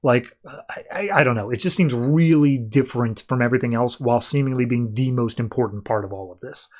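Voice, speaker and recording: A man's voice: medium pitch, a little fast. A man hosting a podcast, recapping and reviewing comics in a loose, rambling way, often quoting characters offhandedly. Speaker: podcast host.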